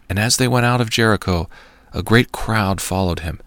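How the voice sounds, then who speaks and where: A man reading scripture aloud in a measured, even way. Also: fairly low pitch, dry recording. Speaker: scripture reader.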